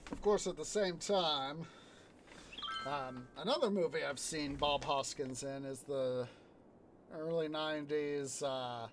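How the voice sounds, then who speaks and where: A man's voice: fairly high pitch, takes it slowly, slight background noise. A man streaming a city-building game, chatting casually in a rambling way, retelling film scenes. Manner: rambling, many fillers and restarts, retells scenes with sound effects. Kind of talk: casual chat while playing a game.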